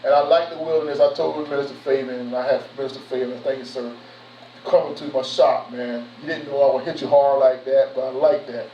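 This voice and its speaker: A man's voice: medium pitch, brisk, a little hiss or hum. Male preacher, casual slangy sermon, muffled distant recording. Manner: animated, conversational street slang. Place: church sanctuary. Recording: echoey room from far off, muffled.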